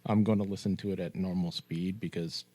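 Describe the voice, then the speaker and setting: A man's voice: low voice, steady tone, fairly quick, warm tone. A man co-hosting a casual podcast chat, laid-back and blunt, with casual swearing. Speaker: podcast co-host.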